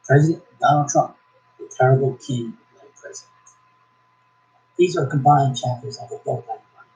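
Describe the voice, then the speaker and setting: Man, halting self-correcting reader turned preacher; mellow tone, roomy echo. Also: mid-range voice. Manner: preachy, exhorting. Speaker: YouTube commentator. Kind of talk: reading aloud and religious commentary.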